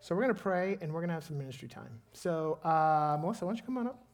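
Man, pastor, sermon, lively storytelling, earnest prayer. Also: fairly high pitch, quick pace.

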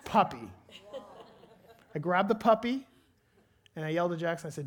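A pastor who is also the father of a young child preaches, sharing a lively personal story before easing into earnest prayer. His voice sits high.

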